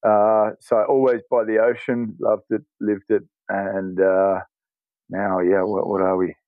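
A man's voice: fairly low pitch, a little slow, no room sound, phone-quality sound. A man around forty with an Australian accent, chatting easily as a podcast guest and laughing often. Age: 40s. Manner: easygoing, laughs often, relaxed storyteller. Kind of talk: casual conversation.

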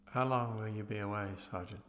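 An acting student playing a young, meek army private who answers quietly and warily. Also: male voice, lowish voice, fairly even intonation, brisk, natural voice. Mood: guarded. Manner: quiet, guarded replies. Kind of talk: stage scene acting. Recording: echoey hall, off-mic.

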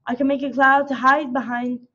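Brief: a bragging, jealous storybook wizard, as a woman reading aloud puts him on, loud and showy, dull lo-fi sound. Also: high-pitched, level tone, normal speed, voice pushed up. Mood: boastful. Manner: boastful, loud exclamations.

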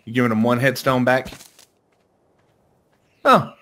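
A young man casually commenting on a video game he plays with a friend, goofy and quick to laugh. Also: mid-range voice, steady tone, fairly bright tone. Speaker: gaming YouTuber.

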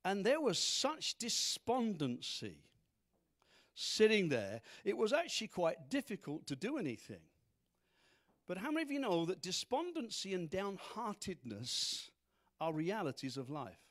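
A man's voice: high voice, big pitch swings, unhurried, a bit bright. A man preaching a sermon as pastor to a congregation, full of rhetorical questions. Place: church congregation.

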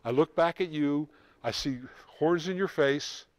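A middle-aged man runs a school band rehearsal with brisk, joking energy. He counts off, sings the rhythms back and teases the players. His voice sits a little high and sounds close and dry. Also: no echo. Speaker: band clinician.

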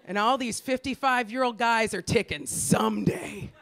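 An American woman in her forties doing a stand-up comedy set, brash and profane, ranting in exasperation with sudden shouted outbursts. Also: on the high side, lively intonation, normal speed. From Los Angeles, US. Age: 40s.

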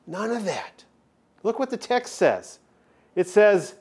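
A man, preaching a sermon as chaplain, earnest and emphatic with dramatic pauses. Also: high voice, big pitch swings, darkish tone.

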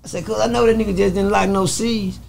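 A man from Fort Worth, telling stories as an interview guest, animated and swearing freely as he acts out the voices of others. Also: high voice, fast talker, gravelly, a little hiss or hum. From Fort Worth, Texas. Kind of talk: storytelling in a casual interview.

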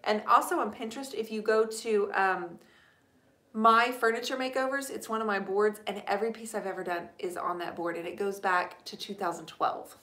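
A woman with a mid-range voice and fairly even intonation hosts a casual live stream at a moderate pace. She chats warmly, thanking viewers by name while answering their questions about painting furniture, in an echoey room.

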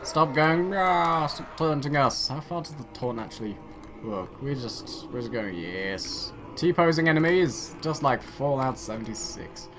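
A man's voice: medium pitch, lively intonation, unhurried, background noise. A man giving rambling, self-mocking commentary while playing a strategy game and talking to his units. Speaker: gaming channel host. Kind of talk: let's play commentary.

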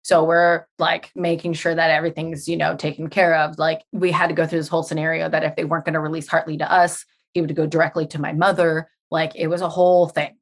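A woman's voice: deep voice, level tone, fast, hardly any pauses. A woman in her thirties, a podcast guest telling a personal story with animation, acting out the dialogue and swearing.

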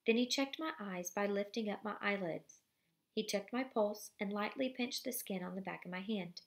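Woman, reading novel aloud, creaky gravelly voice, mid pitch, steady pace, casual asides, close home mic. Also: moderate pace.

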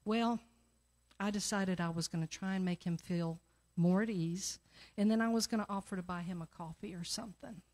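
Middle-aged woman, church offering talk, lively storyteller who acts out quoted voices, mid-pitched. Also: moderate pace. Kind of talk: personal story leading into the offering. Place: church sanctuary.

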